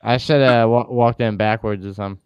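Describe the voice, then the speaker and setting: A man's voice: medium pitch, steady tone, a little fast, clear, resonant tone, no echo, muffled recording. A young man co-hosting a podcast, telling funny stories in laid-back, joking casual banter with casual swearing. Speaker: podcast co-host.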